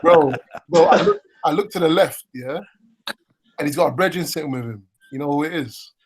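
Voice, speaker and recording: A man's voice: fairly high pitch, moderate pace, noisy background. A man telling a childhood story in casual slang, with many fillers. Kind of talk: casual chat.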